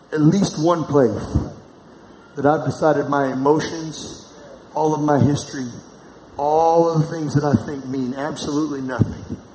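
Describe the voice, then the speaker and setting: His voice on the high side with a darkish tone, a middle-aged pastor preaches to a congregation and calls for them to answer back. The setting is a large church hall, and the recording is echoey and noisy.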